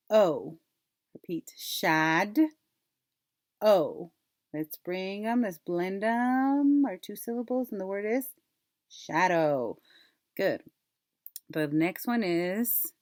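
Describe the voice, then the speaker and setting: A woman teacher leading a phonics lesson for young children, modeling words slowly and clearly and asking them to repeat. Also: medium pitch, expressive, darkish tone, dry recording, studio quality. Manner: slow, clear, drawn-out word modeling with repeat prompts.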